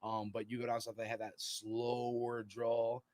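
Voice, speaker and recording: A man's voice: medium pitch, completely flat delivery, measured pace, darkish tone. American man rambling on a podcast. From United States. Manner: rambling, reads out comments, laughs often. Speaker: podcast co-host. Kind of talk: casual chat.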